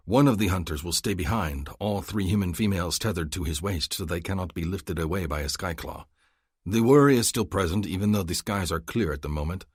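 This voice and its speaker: A man narrating a romance audiobook in the first person, measured and earnest. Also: deep voice, husky, no echo, clean studio sound.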